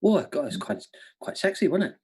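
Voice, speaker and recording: A man hosts a quiz in a casual, jokey way. His voice is a little husky and swings lively up and down in pitch. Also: brisk. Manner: jokey, playful, laughs often. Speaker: quiz host.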